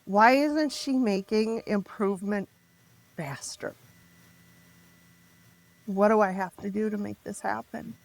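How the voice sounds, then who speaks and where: A middle-aged woman telling her story as a podcast guest, raw and emotional, halting and restarting as she speaks. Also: mid-range voice, creaky. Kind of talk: candid personal storytelling.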